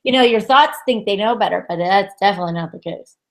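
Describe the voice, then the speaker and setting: A woman co-hosting a tarot chat in a casual, emphatic way, full of "like" and quick laughs. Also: mid-range voice. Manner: emphatic, exasperated, laughs often, says "like" a lot. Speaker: co-host tarot reader.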